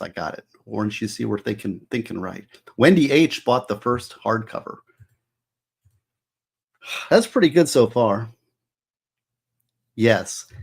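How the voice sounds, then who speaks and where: A man's voice: on the low side, vocal fry, slightly rough. A man hosting a casual livestream as an author, musing aloud and asking viewers for their opinions.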